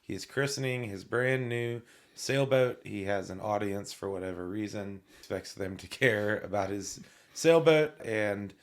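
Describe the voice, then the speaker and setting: Low-voiced male co-host, chatty. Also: measured pace. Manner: chatty, recaps scenes with stumbles and light humor. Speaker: podcast co-host, attorney. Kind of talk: casual legal discussion.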